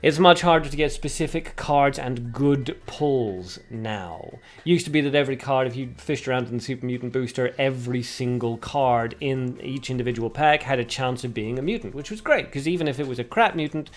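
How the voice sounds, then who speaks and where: A man's voice: medium pitch, normal speed, few pauses. A young man hosting a casual gaming livestream at home on a desk mic. He chats with viewers, reads their comments aloud and laughs at his own puns. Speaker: livestream host.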